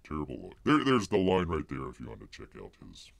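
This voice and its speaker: Man, live-stream commentary host, rambling, mocking, lots of filler words, very lively pitch, dry sound. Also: quick pace, vocal fry, no room sound. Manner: rambling and mocking, speaks of himself in the third person; heavy filler words and restarts.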